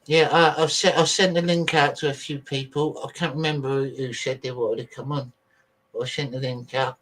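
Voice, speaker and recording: A man's voice: mid-range voice, steady tone, moderate pace, fairly bright tone. A man hosting a casual livestream, rambling chattily to his viewers and swearing freely while he sorts out videos on his computer. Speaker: livestream host.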